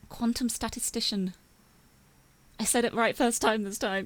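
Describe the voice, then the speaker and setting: A woman streamer chatting casually while playing a game, giggly and expressive, often jumping up high when excited. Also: brisk.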